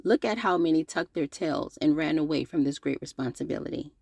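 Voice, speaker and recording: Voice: mid-range voice, a little fast, gravelly, a little mellow, dry recording. A channel host reading a scripted open-letter commentary, sarcastic and scolding, with playful slang and direct address.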